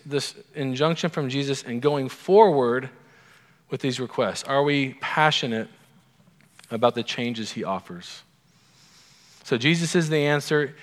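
Guy pastor giving a chatty sermon, lots of questions to the crowd, long hall echo. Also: medium pitch. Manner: conversational, asks the audience many questions.

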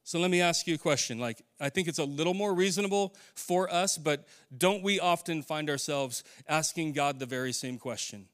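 A man's voice: a little high, moderate pace, few pauses, a bit bright, clean tone. A middle-aged man preaching a conversational sermon, putting questions to his congregation. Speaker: pastor.

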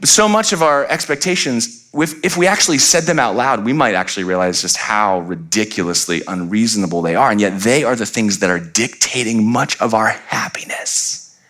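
A man in his thirties preaching a sermon as pastor, telling humorous stories with quick asides to the congregation. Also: on the low side, a bit bright. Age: 30s. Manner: storytelling with jokes and asides to the congregation. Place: church sanctuary.

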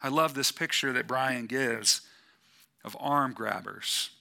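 A pastor delivers his sermon at an unhurried, measured pace. His voice is strikingly bright and sharp-edged, set at an ordinary middle pitch. He rises for emphasis, then falls hushed. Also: creaky. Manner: deliberate preaching with swells of emphasis and quiet drops.

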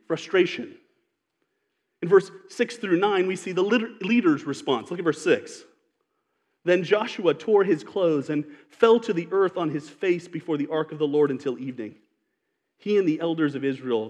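Male pastor, high-pitched, emphatic sermon delivery with long hall reverb. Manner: earnest, emphatic, reads scripture aloud.

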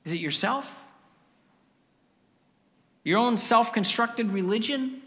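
A man preaching a sermon with earnest rhetorical questions and dramatic pauses. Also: very high-pitched, animated, bright, forceful tone, long reverb tail. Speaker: pastor.

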